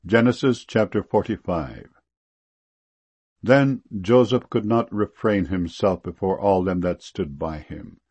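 A man giving a measured, solemn scripture reading in archaic language. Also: sits low, darkish tone, breathy edge, no echo. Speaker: scripture reader.

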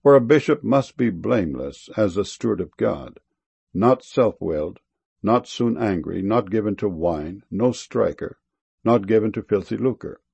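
A man reading old-style Bible verses in a measured, solemn delivery. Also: fairly low pitch, expressive, vocal fry, a little mellow, slightly rough. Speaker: scripture reader.

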